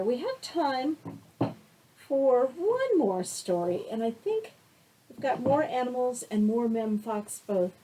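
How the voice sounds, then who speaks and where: A woman, a children's librarian reading picture books aloud to babies in a gentle, soothing, sing-song way. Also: a little high, husky, low-quality recording.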